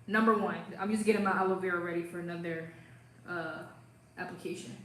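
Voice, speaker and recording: A woman's voice: lowish voice, steady tone, a little fast, a bit bright, echoey room, low-quality recording. A young woman hosting a casual hair care livestream, playful and chatty, reading viewer comments as she goes.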